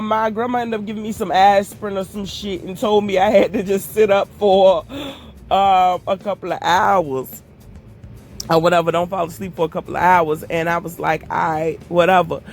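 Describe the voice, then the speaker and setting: Brief: animated, foul-mouthed woman vlogger telling a story on a walk, faint music behind. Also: mid-range voice, moderate pace. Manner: profane, animated, addresses viewers as y'all. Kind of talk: casual storytime. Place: outdoors while walking.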